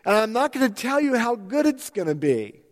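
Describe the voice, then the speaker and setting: Man doing God, calm commanding deity, solemn, fairly high voice, long hall reverb. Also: moderate pace.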